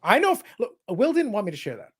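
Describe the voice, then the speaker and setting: A man's voice: high voice, wildly swooping pitch, fast, husky. A man hosting a casual podcast, reading chat comments aloud with a joking, sarcastic manner. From Canada.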